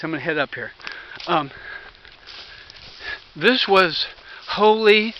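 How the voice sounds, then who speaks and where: Man, middle-aged, outdoor walking vlog, out of breath, earnest and spiritual, halting restarts, high voice, faint background noise. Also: animated, highs cut off. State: out of breath from climbing. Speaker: vlogger. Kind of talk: rambling walk-and-talk vlog. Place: outdoors on a wooded hillside trail. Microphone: handheld camera while walking.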